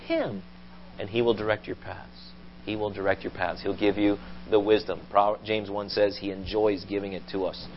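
A man preaching a sermon, telling stories with animated delivery and loud quoted voices. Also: on the low side, normal speed, dull audio, a little hiss or hum. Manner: animated storytelling, rising to loud acted quotes. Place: church.

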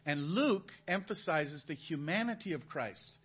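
A man's voice: fairly high pitch, animated, measured pace, fairly bright tone, breathy edge. A man preaching at a chapel, teaching from the Gospels in a conversational way and putting questions to his listeners. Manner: asks the audience questions, conversational. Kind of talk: Bible teaching. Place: church hall.

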